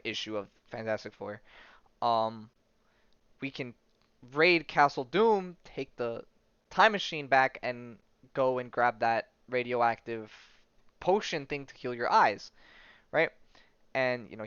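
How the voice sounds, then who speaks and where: A man's voice: medium pitch, bright, forceful tone, clean tone, no room sound, lo-fi sound. A man hosting a podcast, casually recapping a comic, chatty and full of "right?" and "like", often laughing. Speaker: podcast host.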